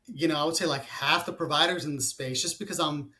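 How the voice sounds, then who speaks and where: A man's voice: on the high side, fast, sharp tone. Man in his forties, rambling chat. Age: 40s. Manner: rambling, many fillers and restarts. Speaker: guest, company founder. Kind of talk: casual interview conversation.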